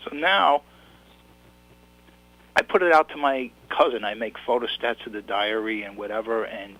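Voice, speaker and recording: Husky-voiced man telling a story. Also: mid-range voice, rough recording. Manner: animated storyteller with restarts. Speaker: author guest. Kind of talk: casual interview chat. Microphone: online show.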